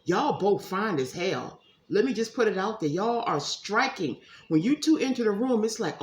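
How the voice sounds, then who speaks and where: A woman giving a casual tarot reading at home, chatty and animated, talking straight to her viewers. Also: mid-range voice, moderate pace, hardly any pauses. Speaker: tarot reader. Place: room at home. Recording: echoey room.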